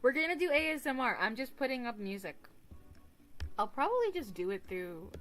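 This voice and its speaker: A woman's voice: fairly high pitch, sing-song, a little fast, a bit bright. A woman streamer chatting casually with her viewers, rambling, giggly and crude, often mocking herself. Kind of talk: casual livestream chat. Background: faint music.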